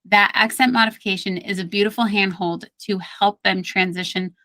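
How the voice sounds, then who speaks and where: A woman with a Brooklyn accent talks through speech therapy as a podcast guest. Her voice is bright and forward, recorded close and dry with no room sound. She explains patiently, circling back and repeating words for emphasis. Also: medium pitch, fairly even intonation, moderate pace, no echo. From Brooklyn, New York. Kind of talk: podcast interview.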